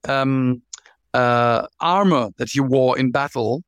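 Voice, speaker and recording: A man guest author telling stories in an interview, animated, often restarting and repeating words. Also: mid-range voice, takes it slowly, clear, resonant tone, no room sound. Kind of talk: interview storytelling.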